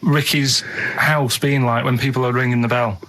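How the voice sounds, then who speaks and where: A man with a Manchester accent, a regular on a radio show, speaking deadpan and matter-of-fact in casual banter from a studio. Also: medium pitch, normal speed.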